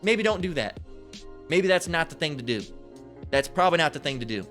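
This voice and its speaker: A man's voice: on the high side, expressive, a little fast, a bit bright, soft background music. A man preaching over a Bible passage in a crude, profane rant. He stammers, restarts often and keeps asking "right?". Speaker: street preacher.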